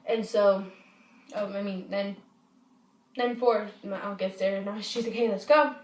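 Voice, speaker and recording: A woman's voice: mid-range voice, steady tone, unhurried, darkish tone, distant mic. A woman telling a story to her camera in a rambling, profane way, often restarting her sentences. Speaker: vlogger. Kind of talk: casual storytime. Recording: echoey room, voice off-mic.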